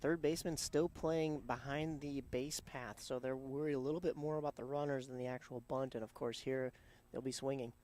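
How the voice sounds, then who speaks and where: A man giving color commentary at a high school baseball game, relaxed and analytical. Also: fairly quick, a little hiss or hum.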